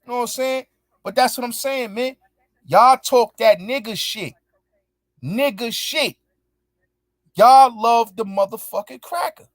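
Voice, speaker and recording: A man's voice: extremely high pitch, unhurried, pauses often, no echo. Angry, profane man ranting. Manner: angry, profane, repetitive, emphatic. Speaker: show host. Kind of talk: heated commentary rant answering viewers.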